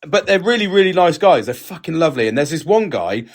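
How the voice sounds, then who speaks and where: A man's voice: on the high side, sing-song, quick pace. A British man co-hosting a casual podcast, bantering bluntly with plenty of swearing. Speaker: podcast co-host. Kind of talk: casual chat.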